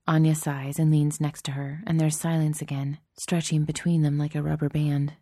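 A woman reads a story aloud in a steady, measured voice that is low and dark. The recording is dry and close, with no room around it. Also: no echo. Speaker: audiobook narrator. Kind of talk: scripted story narration.

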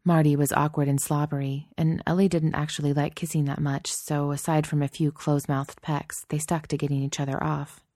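A woman narrating a story in a steady, soft-spoken audiobook style. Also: sits low, fairly quick, hardly any pauses, no room sound, clean studio sound.

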